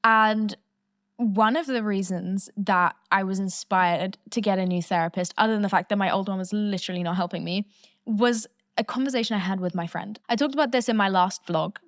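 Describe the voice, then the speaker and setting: A young woman in her twenties talks straight into the mic in a candid, rambling monologue. She swears freely and laughs as she goes. Her pitch sits in the middle range, and the recording is close and dry with no room echo. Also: brisk. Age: 20s. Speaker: podcast host.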